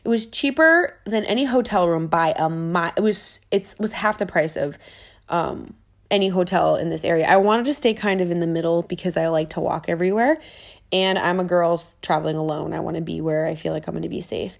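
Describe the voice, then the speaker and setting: A woman vlogging in a chatty, excitable way, full of fillers, recording in a rented apartment. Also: on the low side, fairly quick, creaky. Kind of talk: casual travel chat. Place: rented apartment in a big city.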